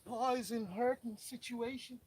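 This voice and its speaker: A man putting on a put-on Southern US accent to voice an excited country man hurrying his family along, loud and folksy. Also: very high voice, moderate pace, slightly rough, voice pushed up.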